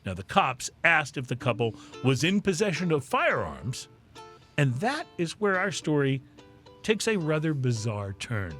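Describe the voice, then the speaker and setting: A man hosting a podcast, reading drinking news with deadpan jokes. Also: a little high, a little slow, faint music behind. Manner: animated, deadpan joking delivery. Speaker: podcast host.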